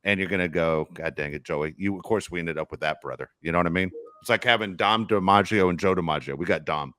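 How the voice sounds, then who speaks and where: A middle-aged man hosting a sports podcast, telling stories in casual, animated chat. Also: low-pitched, quick pace, no room sound, faint music behind. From Los Angeles area. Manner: storytelling, animated, swears casually. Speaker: podcast host.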